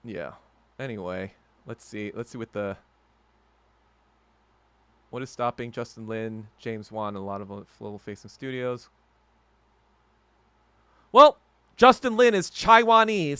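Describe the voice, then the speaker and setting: A man hosting a solo podcast, ranting heatedly and with heavy profanity, swinging from low muttering to loud outbursts. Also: lively intonation, slow pace, pauses often, smooth. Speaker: podcast host.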